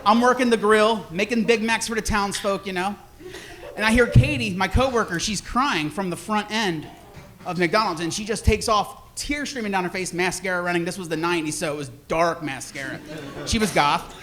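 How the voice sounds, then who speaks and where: A man in his forties with a high, bright voice performs a stand-up set on a club stage. He rambles through self-deprecating stories, stumbling into restarts, while an audience laughs behind him. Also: moderate pace. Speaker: stand-up comedian.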